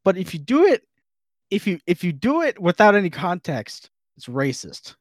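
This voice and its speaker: A man's voice: high voice, sing-song, normal speed, no room sound, clean studio sound. A man hosting a podcast in a casual, goofy, rambling chat. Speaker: podcast host.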